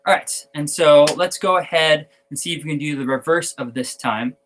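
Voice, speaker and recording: A man with a fairly high voice teaches drum technique online at normal speed, explaining exercises with fillers and self-corrections. He counts off by chanting syllables in time, with background noise present.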